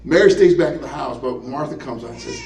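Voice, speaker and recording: A man's voice: medium pitch, fast, creaky, darkish tone, a little hiss or hum. A male pastor preaching a sermon in a humorous, conversational storytelling way, laughing as he goes. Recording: echoey room, mic at a distance.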